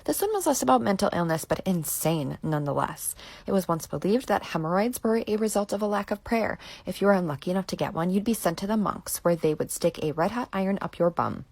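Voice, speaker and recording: A woman narrating a short video clip with lively, emphatic delivery. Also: mid-range voice, quick pace, creaky, hardly any pauses, dry recording.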